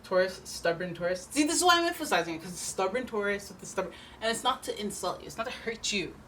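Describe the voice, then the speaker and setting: A woman's voice: mid-range voice, lively intonation, fast talker, a bit bright, slight background noise. A woman giving a casual tarot reading, chatty and blunt, slipping into playful mock voices. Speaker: tarot reader.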